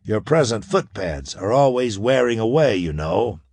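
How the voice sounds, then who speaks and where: A man doing a rasping old scientist. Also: lowish voice, moderate pace, no room sound. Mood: calm. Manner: calm, brooding. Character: older male scientist brain, rasping and fatherly. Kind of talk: audiobook character voice.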